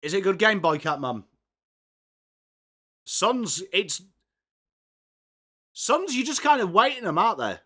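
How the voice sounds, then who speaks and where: Guy hosting a footy watchalong, chatty and excitable, fairly high bright voice. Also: unhurried, long pauses. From England. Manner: chatty, excitable, greets viewers by name. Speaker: live-stream watchalong host. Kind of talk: live sports reaction and chat.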